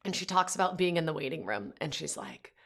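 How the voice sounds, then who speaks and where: Low-voiced woman podcaster, earnest. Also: lively intonation, a little fast, gravelly, fairly bright tone. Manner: earnest, conversational, many fillers. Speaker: podcast host. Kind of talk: casual monologue.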